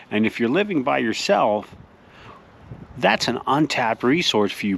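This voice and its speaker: A man hosting a mock-serious tutorial outdoors, explaining things deadpan as if to kids. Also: mid-range voice. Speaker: host. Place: outdoors in a front yard by a mailbox.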